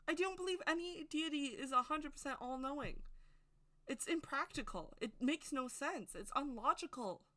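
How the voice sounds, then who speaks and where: Woman, casual vlog monologue, emphatic, rambling, bright sharp tone, addresses viewers directly. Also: sits high. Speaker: witchcraft video creator. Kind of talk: casual opinion monologue to camera.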